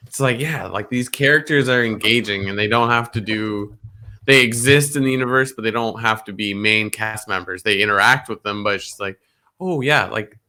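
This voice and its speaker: A man's voice: on the low side, normal speed, sharp tone. A man co-hosting a podcast, talking casually and with enthusiasm, packing his speech with "like" and "um". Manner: enthusiastic, heavy use of "like" and "um". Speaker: podcast co-host. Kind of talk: casual chat.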